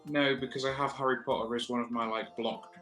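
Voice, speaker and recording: A man's voice: mid-range voice, fairly even intonation, fairly quick, a bit bright, soft background music. A man co-hosting a podcast, dry and blunt, swearing casually. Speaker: podcast co-host. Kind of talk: casual chat. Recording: echoey room.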